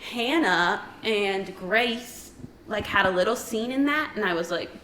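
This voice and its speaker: A woman's voice: mid-range voice, measured pace, a crowd in the background. A young woman co-hosting a podcast in casual chat, giggly and echoing her co-host's lines. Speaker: podcast co-host.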